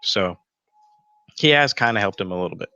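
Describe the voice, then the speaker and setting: A man's voice: on the low side, animated, fairly quick, pushed and bright, no room sound, dull audio. A man hosting a casual fan theory show from home, rambling with lots of fillers and the odd swear. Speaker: YouTube show host. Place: home room with a roommate nearby.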